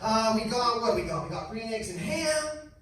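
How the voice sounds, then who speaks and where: Animated man doing stand-up in an echoey club. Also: very high-pitched, moderate pace. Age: 30s. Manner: animated storytelling, bursts into shrieking character voices. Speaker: stand-up comedian. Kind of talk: stand-up comedy set. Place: comedy club stage. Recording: echoey club, distant mic, loud audience noise.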